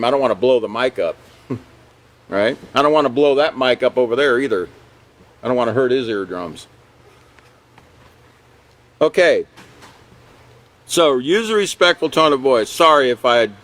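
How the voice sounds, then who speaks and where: A man's voice: mid-range voice, fairly bright tone. A man teaching a character education class in a conversational lecture style, often checking in with "you know" and "okay" and chuckling along the way.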